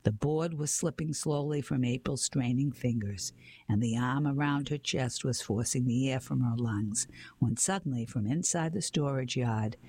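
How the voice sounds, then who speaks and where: A man reading a children's mystery story aloud in a steady storytelling way, sometimes going back to reread a phrase. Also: mid-range voice, slightly rough. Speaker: narrator.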